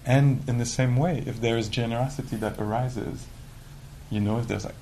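A man giving a conversational dharma talk as a meditation teacher, animated and full of "you know" fillers. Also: mid-range voice, normal speed, a little hiss or hum, poor audio. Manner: animated, acts out quoted inner voices.

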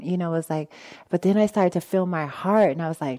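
Lively woman telling a dharma story. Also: fairly low pitch, fairly quick. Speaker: meditation teacher. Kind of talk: dharma talk.

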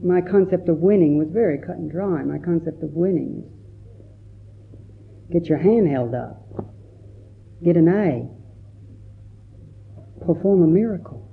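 A monk gives a reflective dharma talk in a gravelly, fairly high male voice. The recording is thin and phone-like, as if heard down a narrow line. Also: slow, pauses often. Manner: storytelling with quoted voices, gentle and reflective. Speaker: Buddhist monk teacher.

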